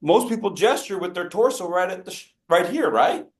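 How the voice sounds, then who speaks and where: Speaking in a high voice at a moderate pace, a male coach leads an interactive public-speaking workshop. He's animated and upbeat, trading jokes with the group and calling out both directions and people's names.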